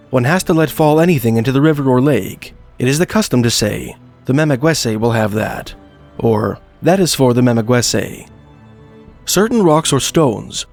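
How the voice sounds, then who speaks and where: A man giving scripted narration of folklore history, reading quoted passages in a measured way. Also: medium pitch, creaky, darkish tone. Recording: faint background music.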